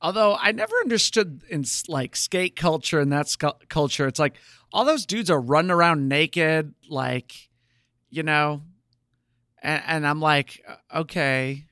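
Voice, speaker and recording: In a clean, echo-free studio recording, a man with a fairly high, lively, unhurried voice, pushed, bright, and smooth, co-hosts a podcast. He retells episodes of a show in relaxed chat, dropping plenty of "um"s and "like"s as he tells the story.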